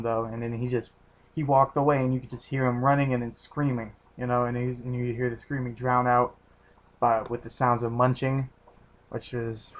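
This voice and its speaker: A man talks through a TV episode in a loose, rambling way, stopping and restarting his sentences and dropping casual swears. His voice sits at an ordinary middle pitch and stays level, with little rise or fall. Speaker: TV episode reviewer.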